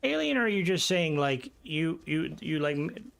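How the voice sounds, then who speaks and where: Profane, excitable gaming streamer guy. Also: on the high side, normal speed, creaky. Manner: rambling, profane, reads and answers chat while playing; excitable outbursts during gameplay. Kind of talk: casual gaming livestream chat.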